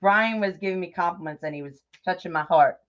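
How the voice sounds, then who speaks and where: A woman's voice: on the low side, fairly quick. A middle-aged woman hosting a craft livestream, chatting casually, greeting viewers by name and laughing often. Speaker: livestream host of a bow-making craft show. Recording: dull lo-fi livestream audio.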